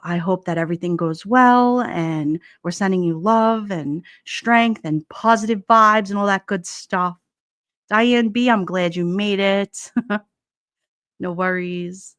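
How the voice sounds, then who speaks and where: A chatty woman hosts a relaxed livestream, reading out viewer comments. She laughs often and talks through lots of fillers at a middle pitch. Her voice is dry and close on a headset mic. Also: no room sound. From Brooklyn, New York. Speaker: livestream host. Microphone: headset mic with headphones.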